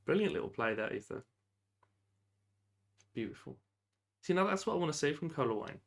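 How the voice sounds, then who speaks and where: A man giving lively, casual commentary while playing a football management game, often shouting at the referee and laughing. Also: medium pitch, a little fast, gravelly. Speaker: gaming YouTuber.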